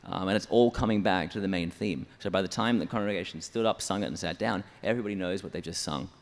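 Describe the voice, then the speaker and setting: A church songwriter's low-pitched voice comes through quickly, trailed by a long reverb. He's being interviewed, laying out his songwriting method step by step in a methodical, explanatory way and counting syllables aloud.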